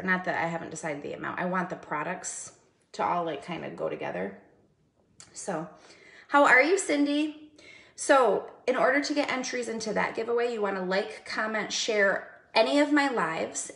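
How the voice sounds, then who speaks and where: Chatty woman with a gravelly voice. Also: medium pitch, animated, normal speed, a bit bright, echoey room. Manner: chatty, greets viewers by name. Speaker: makeup livestream host. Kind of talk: casual livestream chat.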